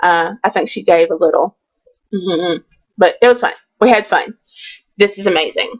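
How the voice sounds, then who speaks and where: A woman's voice: on the low side, moderate pace, husky, lo-fi sound. A woman telling a candid, chatty storytime in a casual vlog. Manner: chatty and candid, with many ums. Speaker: vlogger.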